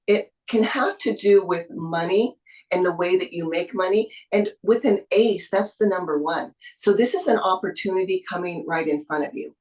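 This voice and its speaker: A woman with a lowish voice gives a tarot reading over a video call. She speaks in a soothing, encouraging way, full of spiritual phrasing. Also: normal speed, a little mellow, low-quality recording. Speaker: tarot reader.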